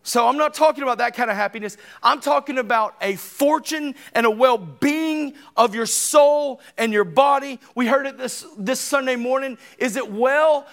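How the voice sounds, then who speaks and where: A man in his thirties, a preacher delivering an emphatic, conversational sermon with sudden loud bursts. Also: very high voice, normal speed, hardly any pauses. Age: 30s.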